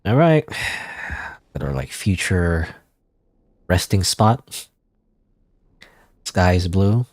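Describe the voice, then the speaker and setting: A man's voice: low-pitched, animated, drawn-out words, dry recording. A man streaming a video game, thinking aloud in a casual, rambling way and reading in-game text. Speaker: gaming streamer. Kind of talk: let's play commentary.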